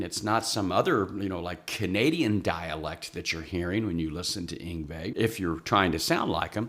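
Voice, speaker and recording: A man's voice: deep voice, bright, forceful tone. A man, chatting casually and wryly about guitar playing on his own channel. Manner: chatty, self-deprecating, wry. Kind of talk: casual rambling vlog.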